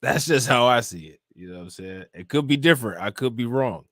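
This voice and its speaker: A man's voice: medium pitch, lively intonation, a little fast, fairly bright tone, no echo, studio quality. A man hosting a live-stream crime show, talking loosely and conversationally, reading reports aloud and keeping asking the viewers questions. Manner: loose and conversational, keeps asking "you know what I'm saying?"; reads charges and reports aloud, then reacts and questions viewers. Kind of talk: casual live-stream commentary reading news and chat.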